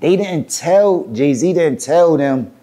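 A man with a fairly high voice spins a street story as an interview guest. He slips into the voices of the people in it and swears casually as he goes. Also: animated, slow pace, mellow. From Philadelphia. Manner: acts out quoted voices, laughing and cursing as he tells it. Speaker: rapper guest. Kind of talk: animated storytelling.

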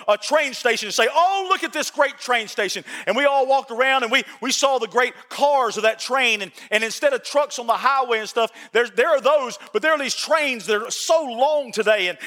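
Male pastor, very high bright voice, fervent repetitive preaching, church hall reverb. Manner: impassioned, repeats phrases, addresses congregation directly. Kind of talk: sermon. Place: church sanctuary.

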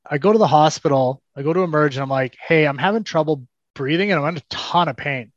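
Young adult male guest, animated storyteller, slightly high voice, dull dry remote audio. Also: fast talker, no room sound. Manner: animated, acts out quoted dialogue, frequent restarts. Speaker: podcast guest. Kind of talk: telling a personal story in conversation.

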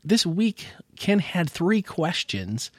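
A man's voice: high-pitched, big pitch swings, takes it slowly, a little mellow, no echo, studio quality. A man hosting a casual podcast chat, still recovering from losing his voice, rambling and chuckling as he talks. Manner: rambling, self-correcting, chuckles often. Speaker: podcast host.

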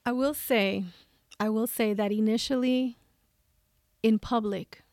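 A woman speaking openly about her grief as a guest in a conversation, expressive and laughing often. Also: on the high side, a little slow, no room sound, studio quality.

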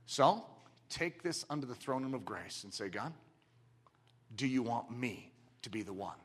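A middle-aged man preaching a sermon with passion, moving from quiet, close talk to shouting. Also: medium pitch, animated, measured pace, slightly rough. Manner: impassioned, swings from quiet intimacy to shouting.

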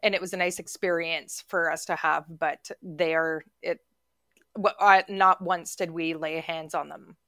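A woman in her forties with a fairly low voice chats casually on a podcast, telling stories with plenty of "like" fillers and bursts of laughter. The sound is dry and close, with no room around it. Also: steady tone, measured pace, fairly bright tone, dry recording. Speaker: podcast co-host. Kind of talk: casual storytelling chat.

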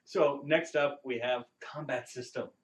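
A man's voice: mid-range voice, a little slow, noisy background. Chatty man co-hosting a game review. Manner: relaxed, chatty, dry sarcastic humor. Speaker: podcast co-host reviewing a video game. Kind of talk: casual review chat.

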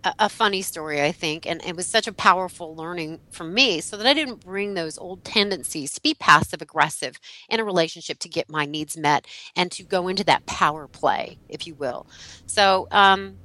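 A middle-aged woman guest who teaches about relationships, telling a personal story in an animated way, laughing and acting out what people said. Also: fairly low pitch, normal speed, dry recording, low-quality recording. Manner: animated, laughing, acts out quotes. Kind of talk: storytelling in a podcast interview.

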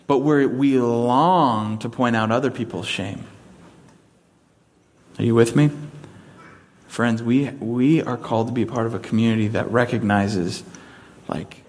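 A man's voice: medium pitch, measured pace, pauses often, darkish tone. A man preaching a sermon in a casual, conversational way, mixing humor into it. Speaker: pastor.

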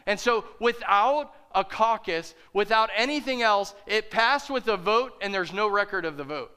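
Bright-voiced, passionate male pastor preaching. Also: sits high, lively intonation, moderate pace, few pauses, smooth. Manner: passionate, preaching with rising intensity. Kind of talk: sermon.

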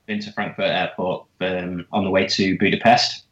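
Man, lowish voice, relaxed, casual chat, roomy echo, dull lo-fi sound. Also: moderate pace.

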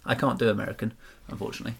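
A man with a Norfolk accent co-hosting a podcast in casual chat, speaking in a slow, lazy drawl, pronouncing words clearly without clipping them. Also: on the low side, level tone, a bit bright. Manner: slow drawl, enunciated but unclipped words. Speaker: podcast co-host.

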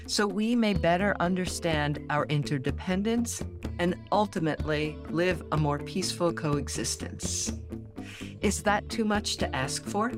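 A woman co-hosting a podcast, talking in a thoughtful, reflective way in casual conversation. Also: on the low side. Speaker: podcast co-host, yoga and meditation teacher.

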